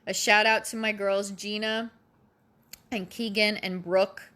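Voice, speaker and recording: A mother, close to tears, pleads earnestly with other parents, repeating herself for emphasis in an emotional personal address. Her mid-range voice moves little in pitch and comes out slow, pushed and bright.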